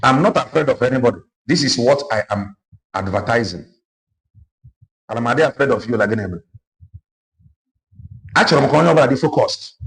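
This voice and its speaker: A gravelly-voiced man with a Nigerian Igbo accent delivers an impassioned political monologue. He mixes Igbo and English and hammers his points with repetition, his pitch sitting in a middle range. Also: lively intonation, brisk, pauses often, a bit bright. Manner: switches between Igbo and English, emphatic and repetitive. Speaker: online political commentator.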